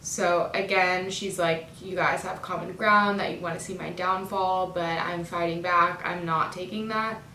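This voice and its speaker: Her intonation is fairly even and her pace unhurried, with few pauses and a pushed, bright tone captured from a distance. A woman and music fan, she casually unpacks an album's song lyrics, chatty, enthusiastic, and full of fillers. The recording has room echo, off-mic voice, and faint rumble.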